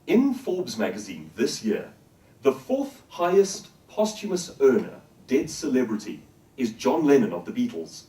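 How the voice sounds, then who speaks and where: A male professional speaker delivers a motivational talk with a lively, swooping delivery and an emphatic manner. His voice is mellow and dark-toned. The sound carries the echo of a roomy hall, picked up from some distance away from the mic. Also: mid-range voice, unhurried. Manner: expressive, emphatic, asks the audience questions. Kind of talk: motivational talk to a live audience.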